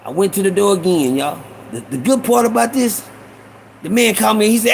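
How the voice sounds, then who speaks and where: Gravelly high-voiced man telling stories. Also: brisk, a little hiss or hum, poor audio. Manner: slangy, repetitive asides, shout-outs. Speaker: host. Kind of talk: casual storytelling stream.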